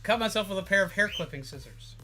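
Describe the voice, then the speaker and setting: An excitable, playful streamer talks in a silly put-on accent with a bright, forceful tone. They are standing at a desk in a very small room, and faint music plays underneath. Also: mid-range voice, fast talker. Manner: excitable and playful, exclaiming often. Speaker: streamer carving a pumpkin. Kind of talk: live stream chat.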